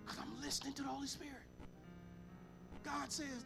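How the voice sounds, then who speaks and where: A pastor with a very high, bright, forceful voice tells a testimony from the pulpit. He is animated and emphatic, playing out every side of the conversation. Soft music plays faintly behind him. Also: normal speed, creaky, pauses often. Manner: animated, acts out both sides of conversations, emphatic. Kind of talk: storytelling sermon.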